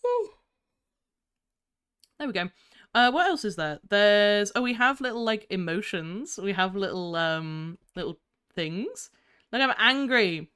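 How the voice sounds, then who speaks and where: A woman's voice: medium pitch, animated, measured pace, fairly bright tone, clean tone. A young woman chatting casually on her first live stream, giggly and easily distracted, a little tired.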